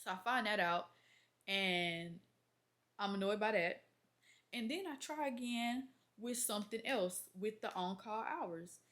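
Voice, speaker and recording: A young woman, a nurse, venting casually to camera, exasperated and animated as she acts out conversations. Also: medium pitch, unhurried. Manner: exasperated, animated storytelling with acted-out quotes. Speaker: labor and delivery nurse, vlogger.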